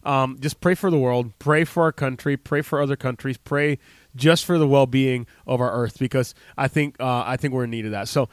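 This American man in his late thirties is a health practitioner speaking casually to camera, rambling and heartfelt, with lots of fillers and restarts. His medium-pitched voice keeps a fairly even intonation at a normal speed. The tone is clear and resonant, with no echo and studio-quality sound.

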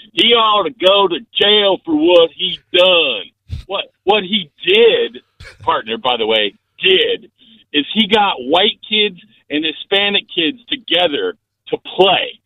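Angry caller on a tinny phone line. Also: male voice, fairly high pitch, very animated, no echo. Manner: angry, rushed rant. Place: driving in a car.

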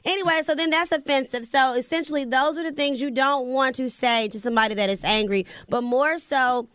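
A woman's voice: high-pitched, brisk, a bit bright, clear, resonant tone. A woman cohosting a podcast, sassy and playful as she walks through a story. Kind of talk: casual radio-style show banter. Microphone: studio microphone.

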